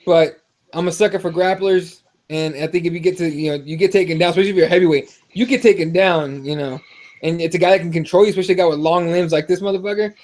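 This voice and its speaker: Podcast host, male, higher voice, profane and animated. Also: quick pace. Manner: animated, swears freely, ranting. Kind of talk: profane casual fight talk.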